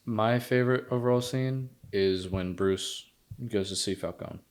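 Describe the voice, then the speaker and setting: Male podcast co-host, deep voice, relaxed movie-review chatter, animated retelling. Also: a little slow, smooth. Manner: animated, quotes film lines in retelling. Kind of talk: casual movie review chat.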